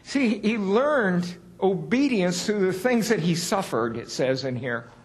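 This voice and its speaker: This man preaches a sermon in a high-sitting voice with lively intonation and an unhurried pace. He's folksy and candid, poking fun at himself, and builds up to raising his voice on key words.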